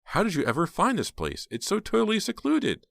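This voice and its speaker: An excitable teenage girl from a spooky storybook, chattering high and bright, a man reading her part. She sounds eager and a little breathless, and the voice stays dry and close with no room around it. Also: a little fast, gravelly, no echo, full character voice.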